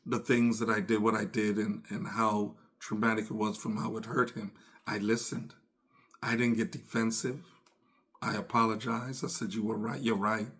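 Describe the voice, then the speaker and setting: A man's voice: on the low side, a bit bright. A middle-aged man hosting a podcast, speaking earnestly and reflectively, often repeating phrases and acting out remembered conversations. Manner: earnest, repeats phrases, acts out quoted dialogue. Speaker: podcast host. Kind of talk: reflective personal talk.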